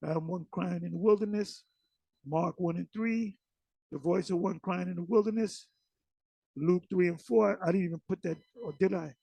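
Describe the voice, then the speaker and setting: A man runs an informal Bible study, reading verses and then drifting into rambling asides full of restarts. His voice sits high and gravelly. It sounds dry and close, with no room echo. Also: mellow. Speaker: Bible teacher.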